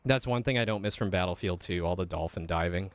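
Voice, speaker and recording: A deep-voiced man talks at a quick pace, with no echo in the recording. He's a vtuber streaming a game and chatting loosely with viewers, his rambling asides loaded with fillers, and he curses frequently when the action gets intense.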